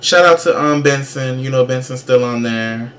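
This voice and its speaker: A man hosting his own casual show, giving sassy, profane, emphatic pop-culture commentary with brash shout-outs. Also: mid-range voice, moderate pace, a little hiss or hum. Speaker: show host.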